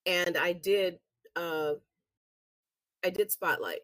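A woman guest, a singer and actress, telling stories in a casual interview with animated, laughing delivery. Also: lowish voice, takes it slowly, no echo. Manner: chatty, animated storytelling with laughs.

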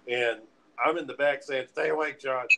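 A man's voice: mid-range voice, moderate pace, slight background noise, low-quality recording. A man casually telling friends a wild party story, swearing freely and acting out what everyone said. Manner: profane, animated retelling with acted-out quotes.

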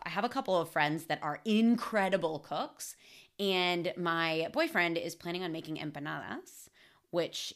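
A woman's voice: fairly low pitch, a bit bright. A woman hosting a podcast, chatting casually with lots of fillers and an audible smile. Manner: audibly smiling. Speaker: podcast host.

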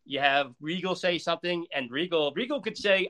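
A man retelling a wrestling match in casual, animated talk, swearing freely and acting out what people said. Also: fairly high pitch, moderate pace. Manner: profane, emphatic, acts out quotes. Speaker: wrestling storyteller.

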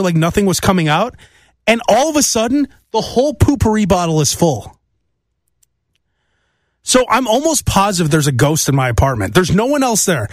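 A man's voice: on the high side, no echo, clean studio sound. A man hosting a solo comedic monologue, rambling through stories and mimicking voices. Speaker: podcast host.

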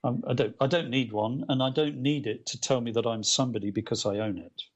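A middle-aged man who is a guest author, telling a story in casual conversation in a rambling, animated way with lots of fillers and restarts. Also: medium pitch, brisk, breathy edge, dull audio.

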